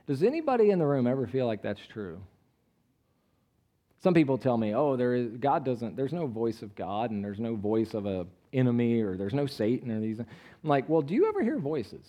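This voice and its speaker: A man preaching a sermon in a conversational way, often asking the congregation questions and shifting between quiet asides and a raised voice when reading scripture. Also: mid-range voice, expressive, moderate pace. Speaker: pastor.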